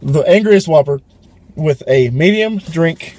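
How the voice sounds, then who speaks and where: A man hosting a casual food review, joking around excitably in a fast food restaurant. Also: on the high side, slight background noise. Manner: playful, excitable, jokey.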